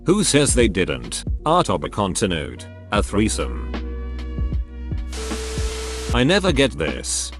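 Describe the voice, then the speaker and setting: Man, lowish voice, animated pitch, casual wry narration, soft music bed. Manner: wry, joking commentary between readings. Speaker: narrator reading online posts. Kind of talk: casual narration with jokey asides.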